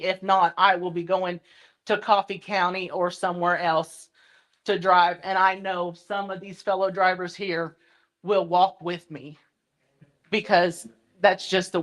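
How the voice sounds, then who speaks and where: A woman, a school bus driver giving a passionate, plain-spoken public comment. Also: mid-range voice. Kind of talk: public comment at a board meeting.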